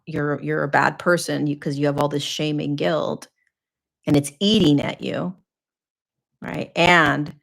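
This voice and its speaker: A woman's voice: low-pitched, creaky, a bit bright. A woman spiritual teacher hosting a live question-and-answer talk, speaking earnestly in a repetitive coaching cadence with frequent fillers. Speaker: spiritual teacher and podcast host.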